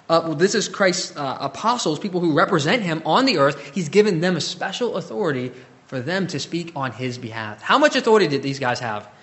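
A man preaching a sermon, swinging between loud emphasis and soft, drawn-out scripture reading. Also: a little high. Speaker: pastor.

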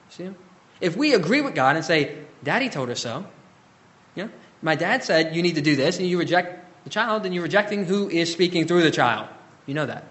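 A man preaching a sermon, swinging between loud emphasis and soft, drawn-out scripture reading. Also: on the high side. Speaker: pastor.

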